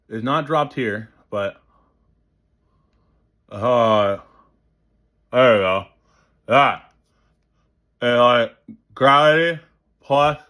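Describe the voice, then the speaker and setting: A man teaching voice technique in a casual, animated way, who demonstrates sounds and sings short snippets. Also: medium pitch. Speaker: voice coach. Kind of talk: casual instructional talk.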